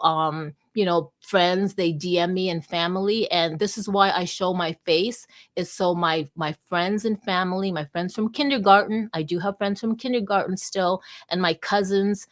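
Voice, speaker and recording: A woman hosts a casual live chat, talking openly and at length. She rambles and often restarts her sentences. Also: lowish voice. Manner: rambling, candid, many restarts. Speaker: host of a live audio space.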